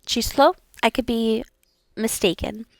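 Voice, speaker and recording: A woman's voice: a little high, steady tone, a little slow, creaky, no echo, clean studio sound. A young woman learning languages, repeating practice words aloud and chatting casually with fillers.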